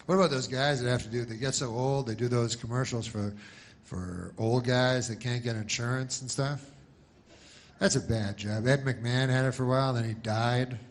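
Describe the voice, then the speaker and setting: Male comedian, middle-aged, deadpan, meandering delivery, average pitch. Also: moderate pace. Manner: deadpan, meandering with many fillers. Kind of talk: rambling comedic storytelling.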